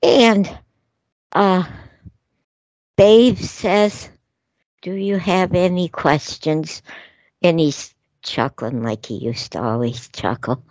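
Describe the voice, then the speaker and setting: A woman's voice: fairly low pitch, a little mellow, dry recording. A woman hosting a spiritual radio talk show, speaking in a soothing, reassuring way as she passes on messages. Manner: soothing, reassuring, drawn-out phrasing.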